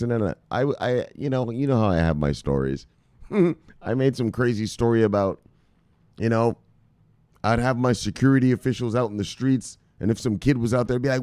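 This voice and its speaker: A man's voice: fairly low pitch, animated, moderate pace, darkish tone, smooth, no room sound. Rambling, profane male crypto show host. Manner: rambling, profane, jokey, addresses viewers as brothers. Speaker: crypto news video host. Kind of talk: casual profane commentary.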